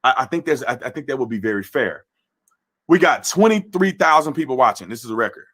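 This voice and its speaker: A man's voice: mid-range voice, lively intonation, fairly quick, fairly bright tone, husky. A man hosting a political commentary livestream who talks animatedly and often restarts his phrases. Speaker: livestream host.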